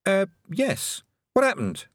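A man's voice: huge pitch swings, takes it slowly, no echo, clean studio sound, heavily acted. A man doing a hesitant young girl. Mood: earnest. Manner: high and hesitant. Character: young girl, earnest and polite.

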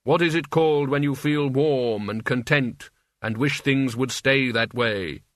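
A man voicing Death as a solemn, unhurried reaper who speaks slowly and flatly. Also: mid-range voice, dry recording, clean studio sound, lightly acted.

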